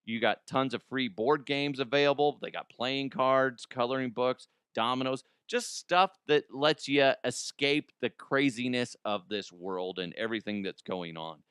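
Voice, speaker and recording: A man's voice: medium pitch, measured pace, few pauses, fairly bright tone, clear, resonant tone, no room sound, clean studio sound. A man hosting a comedy news show, reading ads and riffing in a playful, sarcastic way with jokey asides. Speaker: comedy news podcast host.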